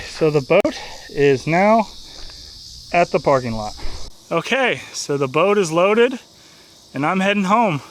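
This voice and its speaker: A man's voice: a little high, a little hiss or hum. A man vlogging casually outdoors beside a river. He speaks plainly and often repeats himself. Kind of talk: casual outdoor travel vlog.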